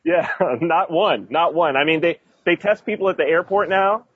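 Brief: casual, rambling male storyteller, husky tone, dull lo-fi audio. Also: on the high side, normal speed, no room sound. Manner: rambling, many restarts and fillers, laughs while telling stories. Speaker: expat guest telling stories. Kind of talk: casual podcast chat.

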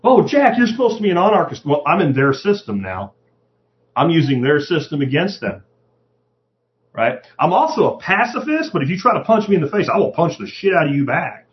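A middle-aged man talks through his podcast with a rather high, very lively voice that swoops as he acts out other people mid-sentence. He swears freely and keeps it loose and conversational. The audio is dull and lo-fi. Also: normal speed. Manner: profane, animated, acts out quoted voices. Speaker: podcast host. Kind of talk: casual monologue.

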